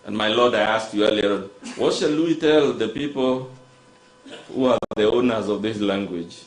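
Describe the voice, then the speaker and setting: A man's voice: lowish voice, normal speed. A man with a Kenyan accent, an advocate making a formal, rhetorical courtroom submission and repeatedly addressing the judge. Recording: echoey courtroom audio.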